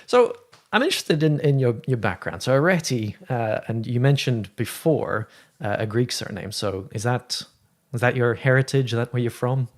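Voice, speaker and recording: A man's voice: mid-range voice, lively intonation, moderate pace. A man from South Africa hosting a live chat show, chatty and full of restarts, laughing easily. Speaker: host. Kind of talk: casual chat.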